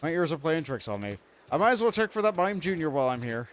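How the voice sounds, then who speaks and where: Lively-voiced young man streaming a game. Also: a little high, fast talker, slight background noise. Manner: rambling, self-deprecating, talks to the game. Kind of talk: let's play commentary.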